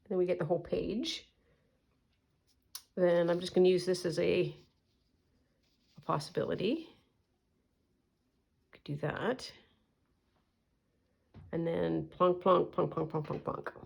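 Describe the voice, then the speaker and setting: A woman talking herself through a collage as she works, chatty and unhurried, with quiet murmured asides that pick up when she tells a story. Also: fairly low pitch, steady tone, creaky, breathy edge. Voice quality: soft, murmuring, often trailing into quiet asides. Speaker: collage artist and channel host. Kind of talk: relaxed craft vlog, thinking aloud while working.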